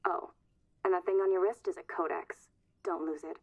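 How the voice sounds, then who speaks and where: Tough young game survivor, curt and commanding, husky, tinny phone line. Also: female voice, fairly low pitch, steady tone, moderate pace. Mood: urgent. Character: tough young woman giving urgent orders by phone.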